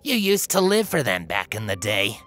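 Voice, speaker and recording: A man's voice: on the low side, huge pitch swings, moderate pace, a bit bright, faint music behind. A man voicing a weak, battered female griffin who slurs and jeers sarcastically in a fanfiction audiobook. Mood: sarcastic. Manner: sarcastic, jeering, slurred. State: weak, slurring.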